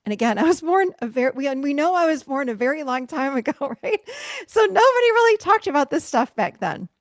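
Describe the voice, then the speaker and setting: A middle-aged woman talks to a workshop over a video call, her voice a little higher than most. She tells stories animatedly, acting out what people said and laughing often. The sound is dry, with no room in it. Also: fairly quick, dry recording. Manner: animated storytelling, acts out quotes with laughs. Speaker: speaker leading a virtual workshop. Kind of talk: casual talk to a group. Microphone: video call mic.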